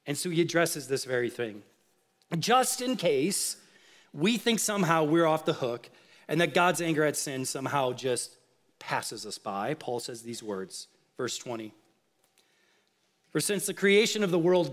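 A man preaching a sermon, pressing the audience with rhetorical questions and swinging from emphatic outbursts to low, quiet asides. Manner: rhetorical questions, rising to emphatic outrage then dropping low. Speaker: pastor.

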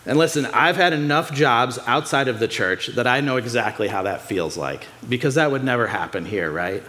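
Animated man preaching a sermon. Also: a little fast. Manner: conversational, jokes with congregation, asks rhetorical questions; animated storytelling with pitch swings. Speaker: pastor.

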